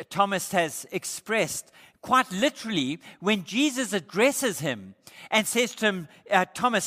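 High bright-voiced guy preaching, punchy on the quotes, big hall echo. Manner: emphatic, swells louder on quoted words. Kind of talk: sermon. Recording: long hall reverb.

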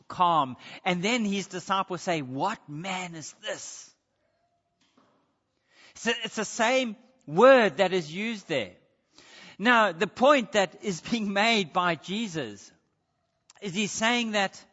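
In a dull recording soaked in long hall reverb, a man gives an earnest sermon in a high voice that sounds pushed and bright. He reads scripture aloud and asks his listeners rhetorical questions.

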